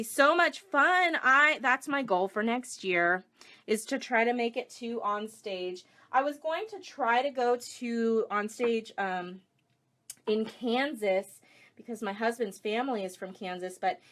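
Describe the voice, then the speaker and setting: A woman's voice: a little high, a little slow, a bit bright. A middle-aged woman demonstrating a paper craft project live, chatting and greeting viewers between steps. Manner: chatty, reads viewer comments aloud.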